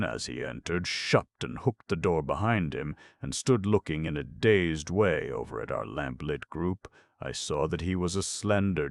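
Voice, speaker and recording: Very deep, gravelly male audiobook narrator. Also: no room sound, studio quality.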